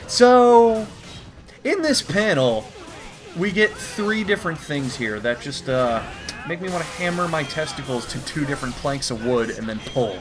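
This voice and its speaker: Comedy host reading a comic: profane, rambling, very expressive pitch. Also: male voice, measured pace, over music. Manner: rambling, profane, deadpan asides.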